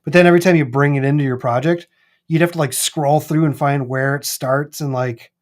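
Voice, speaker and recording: A man's voice: fairly high pitch, brisk. Chatty man with a Minnesota accent. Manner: chatty, rambling, animated. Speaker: live stream co-host. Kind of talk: casual chat. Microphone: streaming mic.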